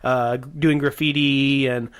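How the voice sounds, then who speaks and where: A man's voice: medium pitch, little pitch movement, takes it slowly, clear, resonant tone. A man co-hosting a casual podcast, telling stories in a rambling, hesitant way, full of ums and restarts. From Portland area, US. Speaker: podcast co-host. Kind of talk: casual storytelling chat.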